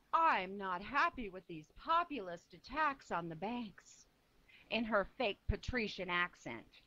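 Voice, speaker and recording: A woman's voice: medium pitch, a bit bright. A woman in a heated, profane political rant, firing off rhetorical questions at her listener. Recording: dull lo-fi recording.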